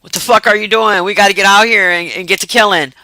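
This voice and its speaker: A man's voice: high voice, fairly even intonation, quick pace, bright, forceful tone, no room sound, pitched above the performer's own voice, heavily acted, low-quality recording. Man doing a foul-mouthed pushy cat. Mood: impatient. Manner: crude, pushy, goading. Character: foul-mouthed scheming cat egging on violence.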